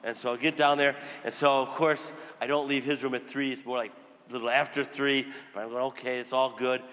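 A man's voice: mid-range voice, flat delivery, fairly quick, a bit bright. A male Catholic priest preaching a sermon, telling a story conversationally and voicing the people in it. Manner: storytelling with voiced quotes, conversational. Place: church. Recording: long church reverb.

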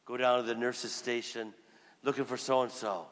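A priest preaches in a conversational, storytelling way, acting out the people he quotes. His voice is bright and clear, and it rings with the long reverb of a church. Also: medium pitch, flat delivery, normal speed. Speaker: Catholic priest. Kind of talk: sermon.

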